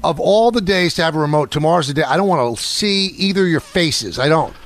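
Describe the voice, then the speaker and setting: A man's voice: on the high side, animated, a little fast, a bit bright. A man hosting a sports talk radio show, arguing indignantly with his co-hosts in casual banter. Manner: combative, indignant. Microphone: studio microphone.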